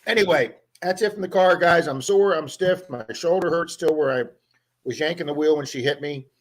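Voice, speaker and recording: A man's voice: a little high, moderate pace, rough recording. A man hosting a casual livestream chat, telling long stories and often repeating words as he goes. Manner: chatty storyteller, repeats words. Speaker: livestream host.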